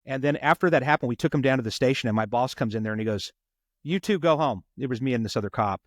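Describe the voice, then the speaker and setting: A man's voice: medium pitch, racing, no echo, studio quality. A man, a police officer, telling a story in a long earnest run, repeating words as he goes. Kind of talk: conversational storytelling.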